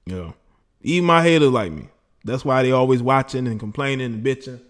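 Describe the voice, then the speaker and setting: A man's voice: medium pitch, lively intonation, brisk. A man hosting a casual call-in livestream, boastful and laughing as he talks to his chat and callers. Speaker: livestream host taking call-ins.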